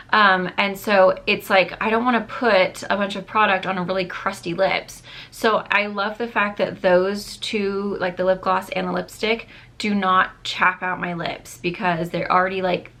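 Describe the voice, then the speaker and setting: A chatty young woman talking through her favorite makeup in a relaxed, gushing way. She fills her sentences with "like" and "um", and her voice sounds a bit worn from losing it. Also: mid-range voice. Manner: chatty, gushing, many fillers like "like" and "um". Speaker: beauty vlogger. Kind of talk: casual makeup review chat.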